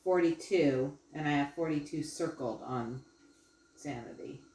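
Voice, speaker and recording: A woman playing a tabletop game, quietly reporting her rolls and actions. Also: low-pitched, measured pace. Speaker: player. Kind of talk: casual tabletop play. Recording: distant roomy mic with noise.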